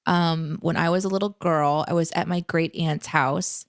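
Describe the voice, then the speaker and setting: A young adult woman co-hosting a casual live stream from home, reading viewer questions and telling stories in an animated, chatty way. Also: low-pitched, normal speed, dry recording, clean studio sound. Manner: animated, chatty storytelling with fillers. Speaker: co-host. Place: home room.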